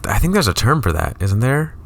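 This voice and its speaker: A man's voice: mid-range voice, sing-song, fairly quick, creaky, no echo. A man co-hosting a comedy podcast in casual chat, tossing in wry asides and questions.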